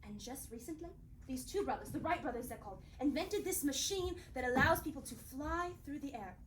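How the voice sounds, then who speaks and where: A woman's voice: high-pitched, lively intonation, a little fast. A woman playing a gushing genteel inventor. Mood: explaining. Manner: theatrical, breezy, prim and gushing. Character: genteel female inventor and time traveler, adult, excitable. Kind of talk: live stage acting. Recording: roomy theatre heard from far off, noisy.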